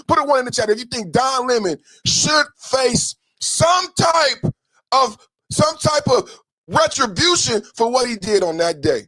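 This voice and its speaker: Emphatic high-voiced male stream host. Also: no echo. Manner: emphatic, repetitive, swings between soft and shouting. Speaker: podcast host. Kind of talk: live-stream commentary over clips.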